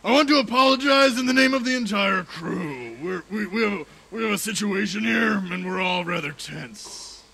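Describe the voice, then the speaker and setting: A man speaking gruffly and commanding in game chatter. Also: sits high, animated, moderate pace, bright, forceful tone.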